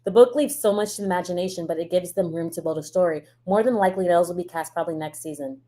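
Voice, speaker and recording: A woman's voice: fairly low pitch, warm tone. Blunt, profane woman ranting casually. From United States. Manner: blunt, profane, quick to laugh. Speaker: reaction streamer. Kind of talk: casual ranting reaction chat.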